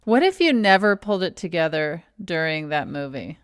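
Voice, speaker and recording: A woman's voice: low voice, sing-song, moderate pace, clean tone, no room sound. A woman co-hosting a casual chat, teasing her partner with playful questions. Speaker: podcast co-host.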